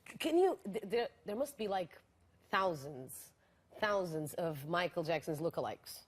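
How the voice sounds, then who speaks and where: A woman's voice: fairly low pitch, very animated, a little slow, breathy edge. A woman hosting a talk show interview in English, bubbly and full of exclamations. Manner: bubbly, laughs and exclaims a lot.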